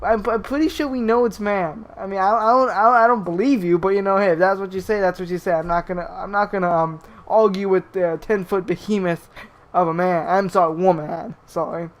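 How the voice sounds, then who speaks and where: A man's voice: sits high, fairly even intonation, a little fast. A young man commenting on clips, swearing constantly and stumbling over his words as he restarts them. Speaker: YouTube commentator. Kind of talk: profane rant commentary.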